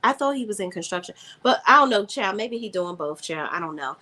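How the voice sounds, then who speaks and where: A woman's voice: medium pitch, expressive, a little fast, pushed and bright. A woman giving a sassy, opinionated recap of a TV episode, switching into quoted lines of dialogue. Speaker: TV show reviewer. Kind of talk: casual recap and commentary.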